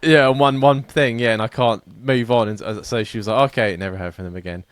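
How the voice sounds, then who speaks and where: A man's voice: mid-range voice, steady tone, brisk, no room sound, studio quality. A man co-hosting a podcast, chatting through anecdotes with many fillers and restarts. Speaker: podcast co-host. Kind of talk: casual chat.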